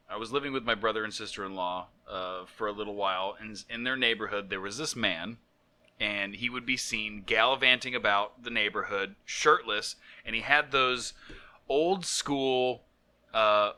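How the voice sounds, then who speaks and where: A man in his thirties co-hosting a podcast, a lively storyteller who laughs often in casual comedic chat. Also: fairly low pitch, normal speed. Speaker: podcast co-host.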